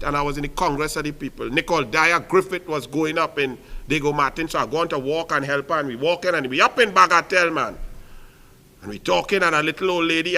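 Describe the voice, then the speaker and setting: A man's voice: a little high, bright, forceful tone. A man with a Trinidadian accent giving impassioned political commentary, rhetorical and repetitive, driving each phrase home. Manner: fiery, rhetorical, repeats phrases with punch.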